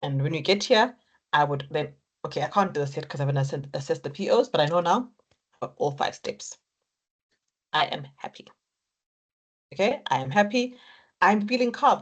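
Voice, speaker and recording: Woman lecturer, low voice, encouraging, walks students through steps. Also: animated, brisk, pauses often. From Africa. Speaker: accounting lecturer. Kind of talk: exam technique lecture.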